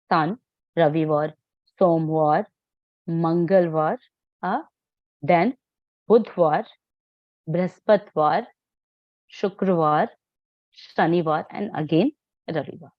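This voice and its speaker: A woman teaching a live astrology class, talking in halting phrases full of fillers and restarts. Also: lowish voice, dry recording, highs cut off. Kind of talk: live online class lecture.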